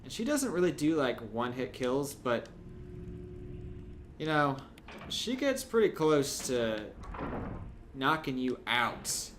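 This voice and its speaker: A young man commentating a video game playthrough, chatty and jokey, with sudden loud yelps. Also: mid-range voice, sing-song, takes it slowly, long pauses, slight background noise. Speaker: gameplay commentator. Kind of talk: let's play commentary.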